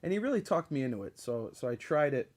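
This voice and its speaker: A man hosts a podcast and spins long personal stories in a casual, meandering way. He swears freely and leans on plenty of ums and uhs. His voice sits at an ordinary middle pitch. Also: sing-song, fast talker, darkish tone. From Connecticut. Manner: profane, rambling, with frequent fillers and laughs. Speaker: podcast host. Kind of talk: casual storytelling monologue.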